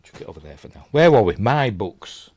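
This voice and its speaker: A man's voice: mid-range voice, sing-song, brisk, darkish tone, dry recording. A middle-aged man with a Yorkshire accent hosts a live movie show in rambling, self-mocking casual chat, talking into a desk mic. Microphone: desk mic, level being adjusted.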